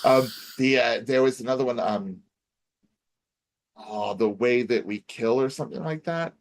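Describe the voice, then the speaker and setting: An American man chats as a guest over a video call, relaxed and sweary. His voice sits at a middle pitch. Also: moderate pace. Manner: laid-back and sweary. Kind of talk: casual chat.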